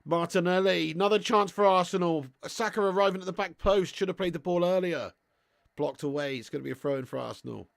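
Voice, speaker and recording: A young man with a gravelly, creaky voice hosts a live football watch-along, chatting casually and answering viewers. He laughs often and swears freely. The sound is dry and close, with no room echo. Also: sits high, fast talker. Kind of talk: live casual chat and match commentary.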